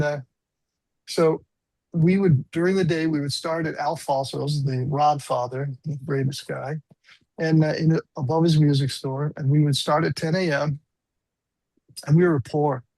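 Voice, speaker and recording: A man's voice: on the high side, gravelly, darkish tone, no room sound, rough recording. A man in his sixties, a guest musician, telling rambling, self-deprecating stories in a casual interview.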